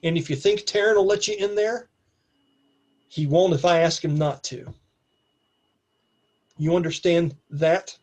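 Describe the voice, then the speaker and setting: A woman's voice: fairly low pitch, unhurried, pauses often, a little mellow. A man voicing a sassy, furious young barmaid who gives threatening orders.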